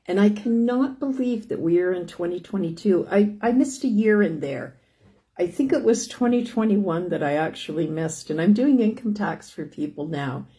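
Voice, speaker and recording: Low-voiced older woman chatting on a live stream. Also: mellow. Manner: rambling, chatty, lots of "anyways" and restarts. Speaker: host of a live stream about living with lung disease. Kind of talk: casual live-stream chat.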